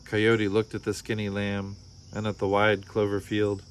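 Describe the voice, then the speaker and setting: A man with a lowish voice reads a folk tale aloud from a picture book. He tells it expressively, at a storyteller's pace. Faint crickets chirp behind him. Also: monotone, measured pace, a little hiss or hum. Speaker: storybook reader.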